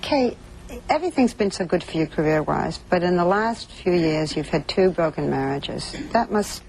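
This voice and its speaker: A woman's voice: on the low side, animated, normal speed, gravelly, darkish tone, slight background noise, poor audio. A woman hosting a TV interview, asking probing, teasing questions. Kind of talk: morning TV interview.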